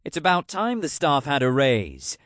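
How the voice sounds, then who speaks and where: A man's voice: fairly high pitch, wildly swooping pitch, normal speed, a bit bright, dry recording, studio quality. A man voicing a cheerful magical double of a king in an audiobook, agreeable and welcoming. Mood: hearty.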